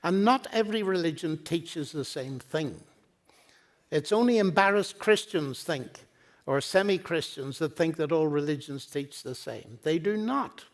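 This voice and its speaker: A man's voice: a little high, lively intonation, measured pace. An older man giving a public lecture in a university hall, earnest and pleading, telling stories with quoted dialogue. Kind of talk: public lecture on faith and science.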